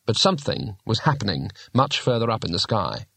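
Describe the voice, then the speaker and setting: A man reading a fantasy novel aloud as an audiobook narrator, in a measured storytelling manner. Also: on the low side, very animated, gravelly, a bit bright, no room sound. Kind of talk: scripted narration.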